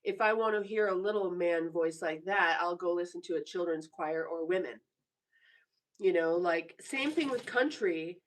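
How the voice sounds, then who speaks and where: A woman's voice: lowish voice, normal speed, recorded from a distance. A woman in her forties chatting casually on a live stream from her bedroom, teasing viewers and laughing often as she reads their comments. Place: home bedroom.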